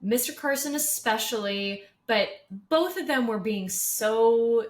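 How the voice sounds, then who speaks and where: A woman's voice: fairly high pitch, animated, slow. A woman co-hosting a podcast in casual chat, speaking frankly and bluntly. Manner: frank, blunt, swears for emphasis. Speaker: podcast co-host. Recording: roomy echo.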